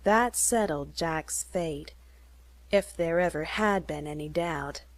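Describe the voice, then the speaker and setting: A woman narrating a first-person story slowly and clearly for English learners. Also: deep voice, dry recording.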